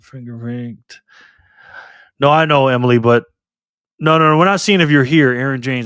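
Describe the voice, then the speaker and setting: A man hosting a live stream in a loose, joking way, reading the chat messages out loud. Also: mid-range voice, normal speed, long pauses, clean tone, no echo. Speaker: livestream host.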